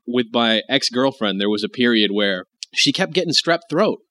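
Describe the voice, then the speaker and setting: A man co-hosting a podcast in casual chat, sick with a head cold and a bit raspy, rambling with lots of fillers and restarts. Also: lively intonation, moderate pace, sharp tone. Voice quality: slightly deep and raspy from the cold. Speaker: podcast co-host.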